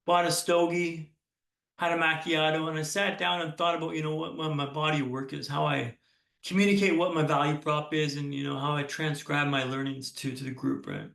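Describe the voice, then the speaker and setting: A young keynote speaker gives an earnest motivational talk, telling personal stories and often restarting his phrases. His voice is on the high side and a bit bright, with a flat delivery, vocal fry and a slightly fast pace, recorded with roomy sound from a distance.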